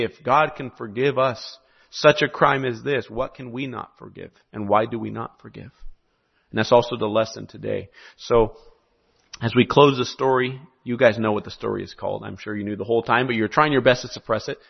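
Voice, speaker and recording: A slightly muffled recording captures a South American man's sermon. His mid-range voice is creaky with a breathy edge as he animatedly narrates a story and questions his audience.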